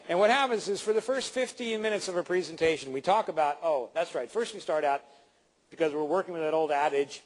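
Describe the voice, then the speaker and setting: A man's voice: fairly high pitch, brisk. Playful man teaching a live seminar. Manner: animated, playful, acts out examples. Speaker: presentation skills trainer.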